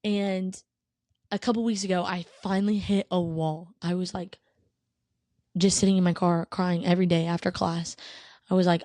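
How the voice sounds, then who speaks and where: A woman's voice: fairly low pitch, level tone, normal speed, warm tone, no room sound. A woman in her twenties hosting a podcast, sharing a personal faith testimony in an earnest, emotional, rambling way. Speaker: podcast host. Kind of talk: casual faith testimony monologue.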